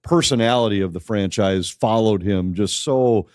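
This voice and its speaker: A man with a fairly low voice weighs in calmly on hockey during a live podcast taping. He agrees easily and thinks out loud. The sound is close and dry. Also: normal speed, no room sound. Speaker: hockey broadcaster, guest. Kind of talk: casual chat before a live audience. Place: live podcast in front of an audience.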